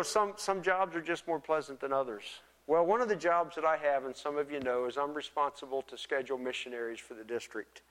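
A man preaching a sermon as a pastor, earnest and given to repeating words, sometimes dropping his voice very low. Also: fairly bright tone. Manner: earnest, repeats words, drops to near whisper for quoted pleas. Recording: long reverb of a church hall.

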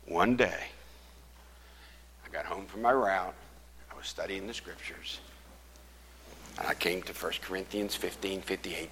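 A man's voice: low-pitched, unhurried, bright, forceful tone, long reverb tail, slight background noise. A man preaching, telling a folksy personal story in an earnest sermon voice. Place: church.

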